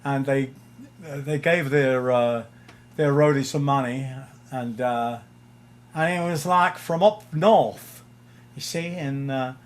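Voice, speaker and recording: A man's voice: medium pitch, slow pace. An older man from England, a guest musician, telling anecdotes in casual interview chat, chuckling and using frequent fillers.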